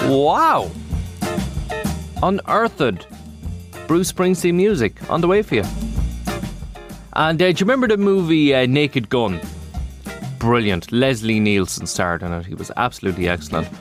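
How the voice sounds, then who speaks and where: A man presenting a breakfast radio show in a chatty, animated way. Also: medium pitch. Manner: chatty, animated, asides and fillers.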